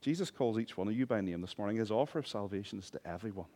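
A man preaching a sermon as pastor, passionate, swinging between hushed and loud, with humorous asides. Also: fairly low pitch, lively intonation, fast.

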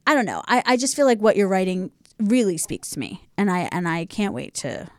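A woman's voice: medium pitch, expressive, fairly quick, no echo, clean studio sound. A woman co-hosting a podcast, talking effusively and openly about her own experience in a casual interview. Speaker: podcast co-host.

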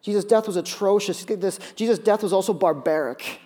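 A middle-aged man preaching a sermon as pastor, dramatic and often dropping to a hushed tone. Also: sits high, a little fast. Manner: dramatic, acts out quoted voices, drops to hushed tones.

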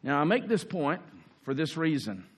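A man preaching a sermon in an earnest way, rising for emphasis and slowing down on key phrases. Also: a little high, very animated, a bit bright, husky. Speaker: pastor.

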